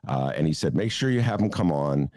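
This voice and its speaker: A man's voice: extremely low pitch, expressive, brisk, a little mellow, no echo, studio quality. A man hosting a casual interview show, joking and teasing his guest. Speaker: radio show host.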